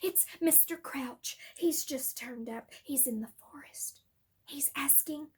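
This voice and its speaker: A woman's voice: very high-pitched, expressive, a little slow. A woman voicing a panicked teenage boy wizard who talks urgently and breathlessly.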